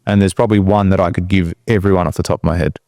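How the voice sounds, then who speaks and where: A man co-hosts a casual podcast, speaking in a somewhat low voice. He tells motivational stories in an earnest tone. The sound is dry and close. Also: fairly even intonation, rapid-fire, creaky, dark tone, no echo. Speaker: podcast co-host.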